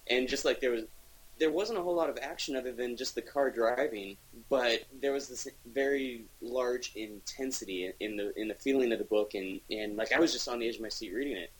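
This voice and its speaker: Husky-voiced man chatting eagerly. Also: medium pitch, a little fast, low-quality recording. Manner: enthusiastic, rambling with frequent restarts. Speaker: podcast co-host reviewing comics. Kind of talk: casual chat.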